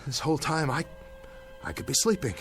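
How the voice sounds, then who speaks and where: A man's voice: fairly high pitch, sing-song, a little fast, creaky. Shaken lost pilot rambling into his radio, radio play, music under it. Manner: rambling, questioning, half-laughing monologue. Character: stranded male pilot, shaken, rambling to himself. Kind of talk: radio drama acting. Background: music score.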